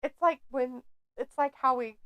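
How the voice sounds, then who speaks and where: A woman's voice: high-pitched, a little slow, no echo, highs cut off. A woman hosting a casual wrestling watch-along, chatty and laughing often as she reads out the chat. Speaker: watch-along stream host reading chat.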